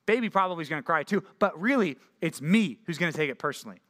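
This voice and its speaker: A young man preaching a youth sermon, energetic and jokey, often checking in with "right?". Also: a little high, fast. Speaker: youth pastor.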